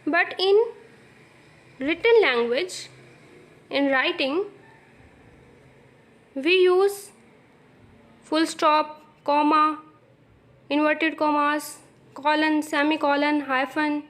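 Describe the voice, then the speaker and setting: Slow, high-voiced Pakistani English teacher. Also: female voice, fairly bright tone. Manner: slow, explanatory, repeats phrases for emphasis. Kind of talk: recorded lesson.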